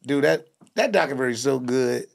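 A man co-hosting a casual comedy chat, telling stories in an animated way, breaking into laughter and mimicking people. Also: medium pitch, fast talker, creaky. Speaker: co-host.

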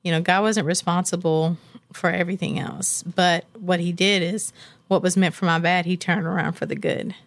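A woman in her thirties talks candidly as an interview guest, earnest and reflective. Her voice has a gravelly, creaky edge. The sound is dry and close. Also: fairly low pitch, fairly even intonation, moderate pace, no echo. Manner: earnest and reflective, speaks with faith and conviction.

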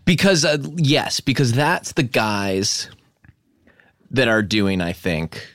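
A man hosting a comedy podcast, deadpan while riffing an improv bit. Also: medium pitch, slow pace, no room sound. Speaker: podcast host.

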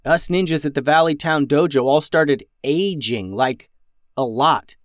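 A man's voice: fairly high pitch, measured pace, no room sound, clean studio sound, natural voice. A man voicing a laid-back young male ninja with a casual, easygoing manner.

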